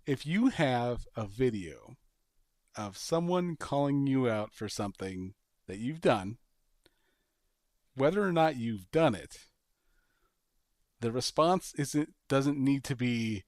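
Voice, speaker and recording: A man hosting a podcast, chatting casually and pitching a sketch idea with animated storytelling and bursts of laughter. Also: slow pace, pauses often, no room sound, clean studio sound. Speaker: podcast host. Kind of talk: casual chat.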